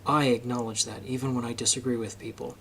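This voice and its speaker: A man at a middle pitch delivers a casual opinion monologue for his channel. He argues emphatically and gets worked up, and a faint background noise sits under his voice. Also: little pitch movement, quick pace, vocal fry, fairly bright tone. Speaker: political commentary vlogger.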